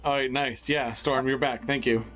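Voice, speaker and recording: Man, casual podcast co-host, punny and playful, mid pitch. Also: steady tone, moderate pace, loud music behind the voice. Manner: joking, playful wordplay. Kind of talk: casual chat.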